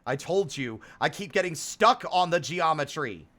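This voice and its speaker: A man's voice: on the high side, animated, normal speed, sharp tone. A man in his thirties streaming live, chatting casually in a profane, self-deprecating, rambling way. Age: 30s.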